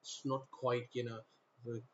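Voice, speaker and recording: A man's voice: medium pitch, little pitch movement, unhurried, fairly bright tone, highs cut off. A man from North India giving a rambling monologue to the camera, often repeating himself and starting sentences over. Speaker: vlogger.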